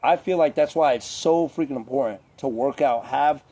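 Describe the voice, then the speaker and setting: A man delivering a loose, rambling monologue straight to his audience. His voice is mellow and warm, and he swears freely and leans on filler words. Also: medium pitch, moderate pace, husky. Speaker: vlogger. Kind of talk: casual monologue.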